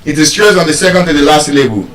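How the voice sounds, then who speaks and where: Nigerian teacher drilling word stress. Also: male voice, on the high side, expressive, fairly bright tone. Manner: drawn-out repeated words. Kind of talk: live pronunciation lesson. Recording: echoey room, far from mic.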